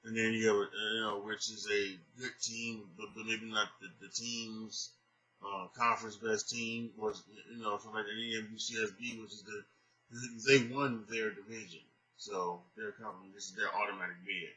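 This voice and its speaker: Man, podcast host, tired, rambling, halting, bright forceful voice, lowish pitch. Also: flat delivery, poor audio. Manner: rambling, halting, with many fillers and restarts. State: tired, sleepy. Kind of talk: casual solo sports podcast, making bracket picks.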